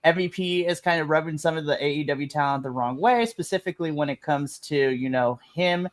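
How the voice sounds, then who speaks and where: A man's voice: a little high, brisk. A man hosting a casual wrestling podcast over a remote stream. He recaps news with frequent laughs and "you know" fillers, and hands the turn to the others. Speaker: podcast host. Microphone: remote stream mic.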